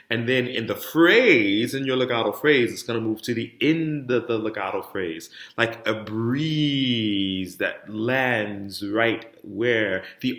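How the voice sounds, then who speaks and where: A middle-aged man leads a French pronunciation lesson. His tone is bright and forceful, and he speaks at an unhurried pace. He punches each drill word, then drops to a softer voice to explain, and the room gives everything an echo. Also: mid-range voice. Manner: drills words with strong emphasis, then explains softly. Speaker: diction teacher. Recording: roomy echo.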